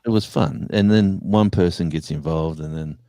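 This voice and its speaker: A man's voice: sits low, normal speed, warm tone. A man, a former radio host, chatting casually on a live stream and rambling through anecdotes. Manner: rambling storyteller, acts out voices in anecdotes, chuckles.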